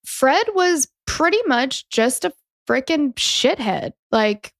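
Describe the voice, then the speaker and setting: A woman's voice: high voice, lively intonation, slow, creaky, no room sound, clean studio sound. A woman co-hosting a true-crime podcast, chatting casually with lots of fillers and some swearing. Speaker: podcast co-host.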